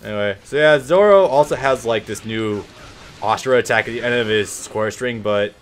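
A man's voice: medium pitch, normal speed, slight background noise. A man giving casual gameplay commentary, laid-back, swearing freely and trailing off with ums. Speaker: let's play host.

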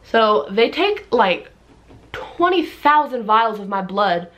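A young woman vlogger telling a story in a casual, animated way, acting out everyone in it with big jumps in her voice. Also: on the high side, slow pace, highs cut off.

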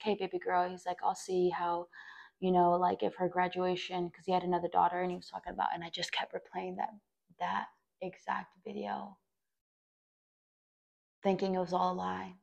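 A young woman's low, gravelly voice tells her own story as a podcast host. She speaks in a flat, even tone and rambles through many fillers. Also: fairly quick, lo-fi sound. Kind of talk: personal storytelling monologue.

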